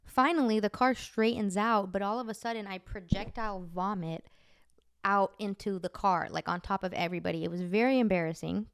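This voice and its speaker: A woman's voice: mid-range voice, a little fast, creaky, few pauses, clear, resonant tone, dry recording, studio quality. A woman podcast host chattily telling dream stories, full of "like" fillers. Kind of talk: casual storytelling.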